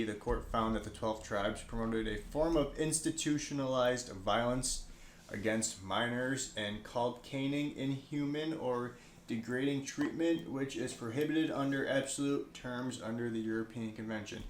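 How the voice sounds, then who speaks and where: Joking man reading podcast notes. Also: medium pitch. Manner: joking, wry asides, bursts of excited outbursts. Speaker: podcast co-host. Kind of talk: casual chat, reading notes aloud. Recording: roomy room echo, faint noise.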